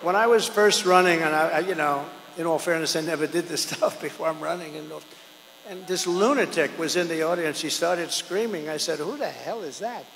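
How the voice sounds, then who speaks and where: An older man giving a campaign rally speech, rambling and repetitive, swinging between loud declarations and low asides. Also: brisk, a little hiss or hum. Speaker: political candidate at a rally. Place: large outdoor or arena rally. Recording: echoey hall with long reverb.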